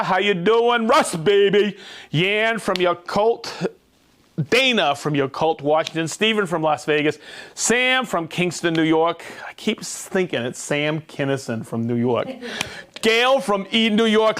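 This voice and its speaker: A man hosting a livestream, reading out viewer shout-outs in an upbeat, jokey way. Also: high voice. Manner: upbeat, jokey, rattling off names and places. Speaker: livestream host.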